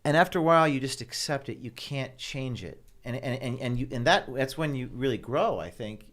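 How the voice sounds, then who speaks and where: A man's voice: mid-range voice, brisk, fairly bright tone. A man in his thirties talking as a guest on a panel discussion, repeating words as he searches for his phrasing. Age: 30s. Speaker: guest journalist.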